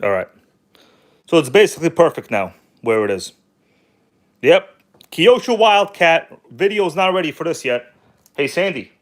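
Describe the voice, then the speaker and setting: A man's voice: a little high, big pitch swings, moderate pace, pauses often. Easygoing man chatting on a livestream. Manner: loose, joking, calls viewers "baby". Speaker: RC hobby livestream host. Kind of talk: casual livestream chat. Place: at home, kitchen table.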